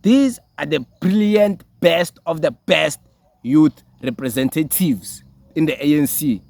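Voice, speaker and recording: A man's voice: fairly high pitch, a little slow, gravelly, a little mellow, dry recording. A young South African man giving mocking political commentary, sarcastic and laughing, slipping into Zulu phrases. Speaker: commentary channel host.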